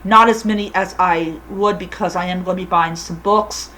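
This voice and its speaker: A woman giving a casual spoken episode review, gushing and excitable, with frequent halting restarts. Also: fairly low pitch, a little hiss or hum, low-quality recording.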